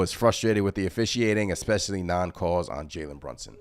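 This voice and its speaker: A young man with a deep voice, recorded dry and close, hosts a casual postgame show. He vents with frustration, hammers the same points again and again, and reads viewer chat aloud between his rants. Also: fairly quick, few pauses, dry recording. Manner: frustrated, repetitive, emphatic. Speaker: host of a fan postgame show.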